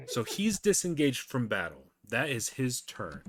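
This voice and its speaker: A man narrating as game master in a relaxed, storytelling way. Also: mid-range voice, a little slow, few pauses.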